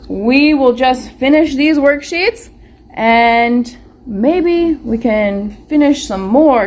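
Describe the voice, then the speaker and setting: Woman, preschool teacher, higher voice, slow and patient, encouraging, online phonics lesson. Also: a little hiss or hum. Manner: encouraging, asks questions and answers them herself, sounds out letters slowly. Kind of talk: live online phonics lesson for young children. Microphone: webcam or phone camera.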